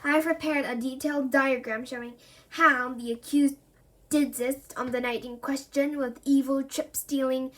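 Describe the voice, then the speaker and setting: A woman reading a children's book aloud in a lively way, giving the characters voices with sudden loud jumps. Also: high voice. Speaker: reader.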